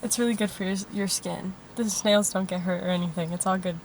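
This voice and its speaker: A woman's voice: mid-range voice, steady tone, brisk, a little mellow. A young woman co-hosts a laid-back podcast from inside a car. She rambles in a loose, chatty way, trails off into fillers and swears now and then. There is a faint hiss under her voice. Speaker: podcast co-host. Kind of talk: casual chat.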